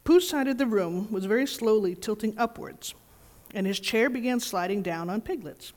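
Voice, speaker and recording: A woman leading a children's message in church, reading a storybook aloud in a gentle, expressive way. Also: mid-range voice, moderate pace. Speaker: pastor giving a children's message. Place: church sanctuary. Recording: reverberant church hall.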